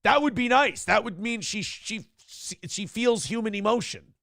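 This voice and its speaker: A man with a high, gravelly voice hosts a live morning show, tearing into the news in a blunt, profane rant. The sound is dry and close, with no room around him. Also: measured pace, a bit bright, no echo. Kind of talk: live show commentary reacting to news and chat.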